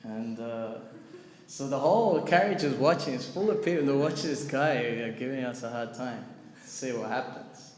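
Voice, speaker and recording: Speaking at a moderate pace in a mid-range voice, a man relates a story at a scripture class, full of "like" and "you know." He's animated and plays the people in it. The recording picks up a long, echoey hall reverb and faint background noise.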